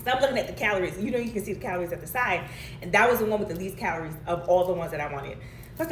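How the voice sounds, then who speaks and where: Animated woman telling a story, echoey. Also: mid-range voice, very fast. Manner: emphatic, animated, addresses viewers directly. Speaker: social media storyteller. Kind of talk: casual storytelling to camera. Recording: echoey room with faint background noise.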